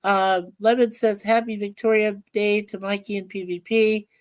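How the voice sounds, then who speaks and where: A woman's voice: medium pitch, little pitch movement, normal speed, no echo. A woman co-hosting a casual livestream, laughing often and reading viewer comments aloud. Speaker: livestream co-host reading chat. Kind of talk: casual chat.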